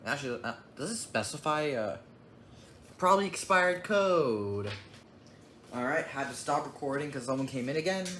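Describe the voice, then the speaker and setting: Talking quickly with few pauses, a young man with a mid-range, fairly bright voice shows off his disc collection in a laid-back unboxing vlog. He rambles and mutters to himself in an echoey room where background noise is clearly heard.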